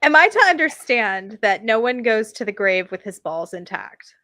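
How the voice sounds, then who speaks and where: A woman's voice: fairly high pitch, sing-song, normal speed, pushed and bright, dry recording. A woman co-hosting a casual interview, dropping in wry, joking interjections. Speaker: podcast co-host.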